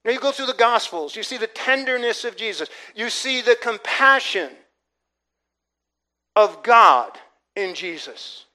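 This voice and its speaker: A man's voice: very high voice, animated, unhurried, bright, forceful tone. A man preaching a sermon, earnest, repeating himself and building to emphatic points. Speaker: pastor.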